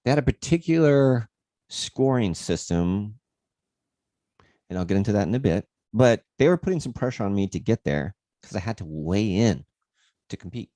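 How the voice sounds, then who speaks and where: Low, lively-voiced man telling stories. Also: moderate pace, no echo, studio quality. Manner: rambling, swears freely. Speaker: fitness livestream host. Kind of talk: casual storytelling livestream.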